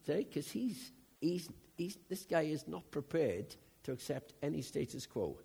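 A man, preaching a sermon in an animated, conversational storytelling way. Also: a little high, unhurried, creaky, slightly rough. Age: 70s.

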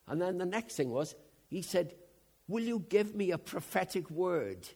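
Man preaching, slightly raised pitch with breathy huskiness; chatty, swings between quiet asides and emphatic outbursts. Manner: conversational, swings from hushed to loud and emphatic. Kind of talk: sermon.

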